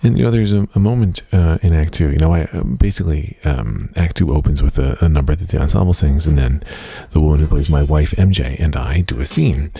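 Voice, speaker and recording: Very deep, gravelly man chatting wryly. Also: fairly quick, few pauses, warm tone. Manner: rambling, wry, self-mocking, many uh fillers. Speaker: podcast host. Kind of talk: casual solo diary podcast. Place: home office, indoors.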